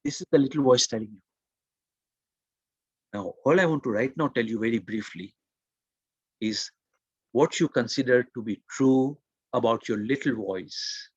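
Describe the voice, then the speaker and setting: A man's voice: mid-range voice, normal speed, pauses often, husky, no echo, muffled recording. A man hosting a motivational webinar, speaking earnestly, repeating words and asking the audience questions. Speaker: webinar host and coach.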